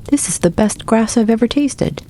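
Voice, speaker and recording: A carefree storybook goat, as a woman reads it, chattering breezily in a raised, higher voice. A husky grain stays under the brightness. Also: lively intonation, moderate pace. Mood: careless. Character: careless goat munching grass, then frightened.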